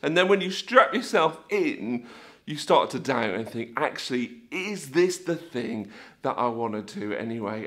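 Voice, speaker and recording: Animated man telling a faith story. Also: medium pitch. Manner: animated storyteller, acts out scenes with sound effects. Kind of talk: lively faith talk for families.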